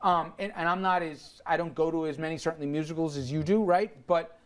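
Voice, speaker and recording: A man's voice: on the high side, fairly even intonation, brisk. A man hosting a television talk show, leading a casual panel discussion with lots of fillers and easy laughter. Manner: conversational, laughs easily, many fillers.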